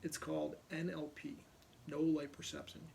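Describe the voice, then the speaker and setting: Middle-aged man, police officer, casual storytelling, acts out other people's lines, slightly high voice, faint background noise. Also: little pitch movement, moderate pace, gravelly, a little mellow.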